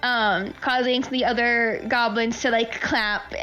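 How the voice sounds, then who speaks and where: A woman narrating as game master of a tabletop game, rambling with lots of fillers and quick to laugh. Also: fairly high pitch, steady tone, bright, forceful tone, soft background music, low-quality recording.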